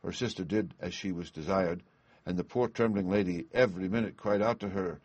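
A man narrating a fairy tale aloud in a measured storytelling manner. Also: sits low, darkish tone, dry recording.

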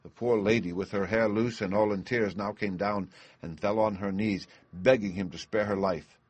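A man narrating a fairy tale aloud in a measured storytelling manner. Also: fairly low pitch, fairly even intonation, no echo.

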